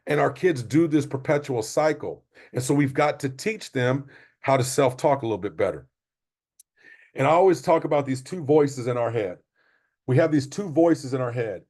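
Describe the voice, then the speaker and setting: A man's voice: mid-range voice, lively intonation, normal speed, darkish tone. Emphatic man coaching parents. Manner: repetitive, emphatic motivational delivery. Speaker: basketball coach. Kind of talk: parent training presentation.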